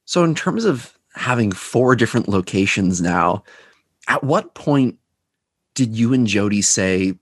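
A curious interviewer poses a long, thoughtful question to a guest in an easy, conversational way and laughs readily along the way. The voice sits at a middling pitch and sounds close and dry, with little room echo. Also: animated, a little slow, slightly rough.

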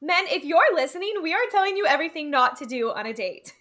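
Young woman co-host, animated chatter, sharp bright voice. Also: sits high, fast talker. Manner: animated, exclaims and laughs along. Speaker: podcast co-host. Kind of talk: casual chat.

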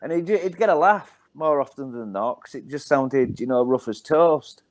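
A middle-aged man with a broad Hull accent spins a long comic anecdote, looping back on himself with plenty of ums and repeated starts. His voice sits at an ordinary middle pitch for a man, and he talks in a loose, chatty way. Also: normal speed. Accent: Hull, Yorkshire. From Hull, England. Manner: rambling anecdotes with many ums and self-repeats. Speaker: stand-up comedian guest. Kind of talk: casual storytelling on a podcast.

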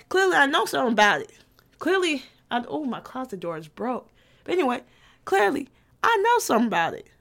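A woman's voice: a little high, lively intonation, fairly quick, fairly bright tone. A woman in her twenties talking casually as a vlogger, loose and profane, often restarting her sentences. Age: 20s. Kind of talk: casual chat.

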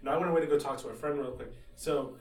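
A man's voice: mid-range voice, fast talker. Easygoing man, distant and echoey. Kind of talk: casual chat. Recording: echoey room, away from the mic.

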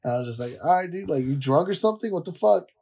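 A man co-hosting a casual fantasy football podcast, laid-back and quick to laugh while he tells stories. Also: a little high, lively intonation, creaky, mellow, husky. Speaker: podcast co-host.

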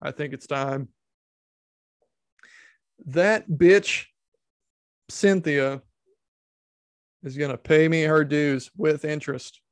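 A man's voice: fairly high pitch, fairly even intonation, takes it slowly, long pauses, clean tone, no room sound, studio quality. A man doing a vengeful video store boss. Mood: menacing.

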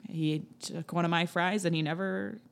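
A woman's voice: lowish voice, steady tone, moderate pace, vocal fry. A young woman hosting a casual podcast chat, rambling through funny stories with giggles and acted-out quotes. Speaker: podcast host.

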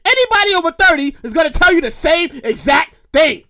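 A woman in her thirties hosting a casual solo podcast, animated and profane, repeating phrases for emphasis. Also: very high voice, fairly quick, no room sound, studio quality. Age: 30s. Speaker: podcast host.

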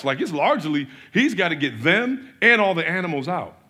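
Husky and sitting high, a man's voice preaches a sermon at a moderate pace. The pastor is animated, asks rhetorical questions, and moves back and forth between loud and soft passages.

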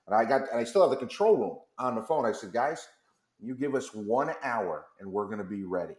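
A man's voice: medium pitch, expressive, brisk, darkish tone, reverberant. A man telling a long story as a guest on a radio interview, acting out the back-and-forth of phone calls. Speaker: company founder as guest. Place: radio studio.

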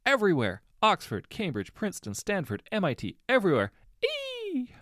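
A man voicing an ecstatic young woman of twenty who squeals with joy in a high, loud voice. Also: wildly swooping pitch, normal speed, dry recording, studio quality. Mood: elated.

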